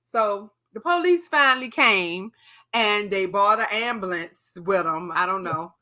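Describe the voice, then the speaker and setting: A young adult woman on a podcast, one of its co-hosts, tells a story in a relaxed, profane, lively manner, acting out the quotes. Her mid-range voice moves a little slowly.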